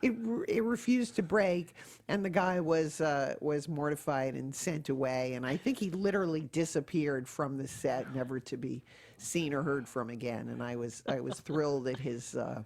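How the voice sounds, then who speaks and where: A woman hosting an interview, telling animated showbiz stories in casual chat. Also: very deep voice, moderate pace, vocal fry. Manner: animated storyteller, acts out quotes. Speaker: host.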